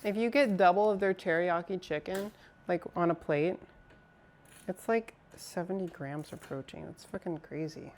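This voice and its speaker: A woman's voice: lowish voice, moderate pace, a little hiss or hum. A woman streaming live, chatting casually with her viewers as she builds a PC, swearing now and then. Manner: chatty, talks to chat while assembling a PC.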